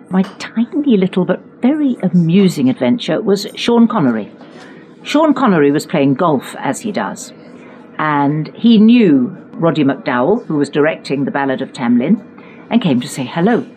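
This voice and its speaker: A woman's voice: low voice, dark tone, a little hiss or hum, poor audio. An older woman, telling chatty, self-mocking stories from her acting career in a conversation. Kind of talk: anecdotal storytelling in conversation.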